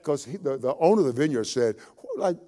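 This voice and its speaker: A man's voice: medium pitch, expressive, a little fast, warm tone. A man preaching a sermon as a pastor, folksy and repeating phrases for emphasis.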